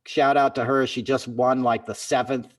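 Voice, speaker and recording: A man hosts a podcast in relaxed conversation, speaking with heartfelt conviction and rallying his co-host like a friend giving a pep talk. He sits a little back from the microphone, so his voice comes across slightly distant. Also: medium pitch, moderate pace. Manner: earnest, impassioned pep talk, calls listener "man" and "brother". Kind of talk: casual chat.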